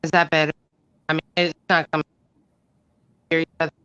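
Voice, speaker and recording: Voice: mid-range voice, little pitch movement, brisk, bright, forceful tone, clean tone, no room sound, faint music behind. A speaker acting as a defense attorney in a mock trial, talking hesitantly over a video call. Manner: hesitant, filler-laden. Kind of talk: courtroom talk on a video call. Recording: muffled, dry call audio.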